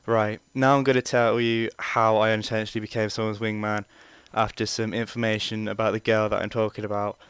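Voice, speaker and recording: A man's voice: on the low side, flat delivery, fairly quick, hardly any pauses, a bit bright, clear, resonant tone, no echo. A young man telling a rambling, casual story full of fillers and swearing. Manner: rambling, chatty, swears freely, many fillers. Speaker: vlogger.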